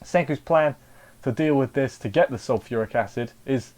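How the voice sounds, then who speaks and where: A man's voice: medium pitch, moderate pace, darkish tone. A man giving a casual, rambling spoken review of an anime episode, often repeating words and restarting sentences.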